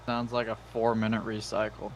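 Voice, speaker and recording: A man's voice: on the low side, completely flat delivery, brisk, a little hiss or hum. A man co-hosting a gaming livestream, chiming in with short remarks and laughing along. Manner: brief replies, laughs along. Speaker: stream co-host. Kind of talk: casual chat.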